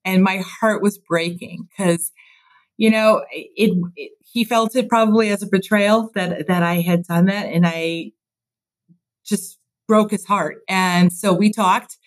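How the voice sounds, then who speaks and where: Speaking slowly in a mid-range voice with fairly even intonation, a woman in her fifties tells stories during a casual interview. The rough recording captures a Chicago construction executive on a podcast, earnest, reflective, and quick to laugh at herself.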